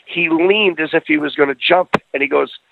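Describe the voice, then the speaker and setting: A man's voice: fairly high pitch, normal speed, creaky, narrow, tinny audio, slight background noise. A middle-aged man telling a personal story in casual conversation, earnest, often restarting his phrases.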